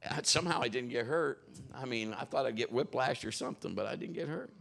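A male pastor preaching a sermon at a church service, telling animated stories and laughing along the way. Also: mid-range voice, fast, gravelly. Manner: animated storytelling, laughing, exclamatory.

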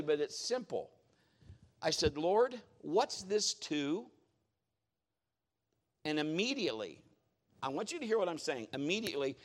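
Animated storytelling male pastor. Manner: animated storytelling, acts out quotes with big pitch jumps. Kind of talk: sermon.

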